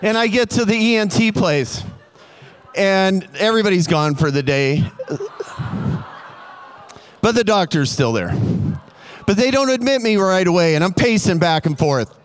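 Man, comic personal story, animated, high-pitched, smooth clear voice. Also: measured pace, pauses often. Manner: animated, building comic tension.

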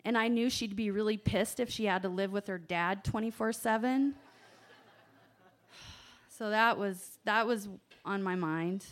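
A woman telling a personal story to an audience, animated, swinging from hushed asides to loud exclamations. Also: mid-range voice, unhurried. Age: adult parent.

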